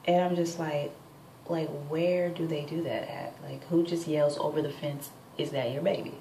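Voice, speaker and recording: A woman's voice: deep voice, fairly even intonation, normal speed, warm tone, distant mic. A tired young woman in her twenties venting to camera at home late at night, chatty and full of fillers. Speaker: vlogger. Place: at home, indoors. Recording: echoey room, off-mic, faint background noise.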